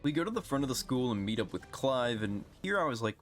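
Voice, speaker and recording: A man's voice: mid-range voice, sing-song, fast talker, soft background music. A young man giving sarcastic, dry, scripted comedic narration of a game video. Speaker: gaming video creator.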